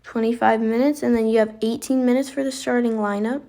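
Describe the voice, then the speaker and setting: A woman giving casual, excitable commentary while playing a basketball video game, reacting aloud as she goes. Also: on the high side, brisk. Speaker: gaming video creator.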